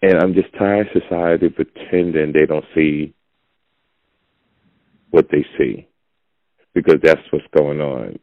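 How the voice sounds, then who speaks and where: Very deep gravelly man ranting. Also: fairly even intonation, a little slow, pauses often, no echo. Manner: blunt, preachy, gravelly and low. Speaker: podcast host. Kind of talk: casual opinionated monologue. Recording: dull lo-fi audio.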